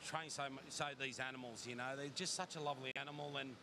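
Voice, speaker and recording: A greyhound trainer, emotional and rambling, interviewed outdoors at the racetrack just after a win. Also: male voice, medium pitch, fairly even intonation, fast talker, gravelly, noisy background. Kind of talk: emotional post-race interview.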